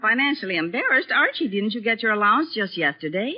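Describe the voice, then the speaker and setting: A woman's voice: a little high, big pitch swings, fast talker, lo-fi sound. A woman playing a fretting, exasperated mother, in 1940s radio acting on an old broadcast recording. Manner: exasperated, fussing, hushing. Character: patient, fretting middle-aged mother.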